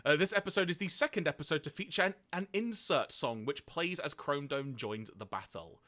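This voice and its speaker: A man's voice: a little high, animated, fairly quick, sharp tone. A man co-hosting a casual podcast, reading out notes on an episode and laughing often. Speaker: podcast co-host.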